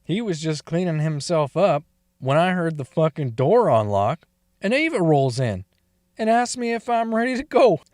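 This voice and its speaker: Crude male storyteller, fairly high voice, dry close recording, laughs through his lines. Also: sing-song, moderate pace, a little mellow, no room sound. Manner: profane, laughs often. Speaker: story reader. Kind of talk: crude first-person storytelling.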